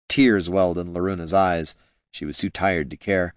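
A man reading a fantasy novel aloud in an expressive storytelling manner. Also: low voice, moderate pace, no echo, clean studio sound. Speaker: narrator. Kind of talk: fantasy audiobook narration.

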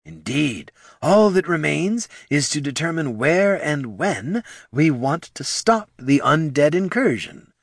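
A man's voice: fairly high pitch, big pitch swings, slow pace, dry recording, voice pushed up, heavily acted. A man doing a dry muttering businessman.

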